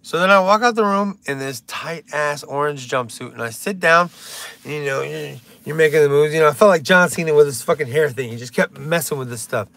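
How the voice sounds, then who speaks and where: Young man, live-stream stand-up, rambling, swearing, slightly high voice. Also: fairly quick, gravelly, a bit bright. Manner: rambling, swears a lot, breaks into silly songs.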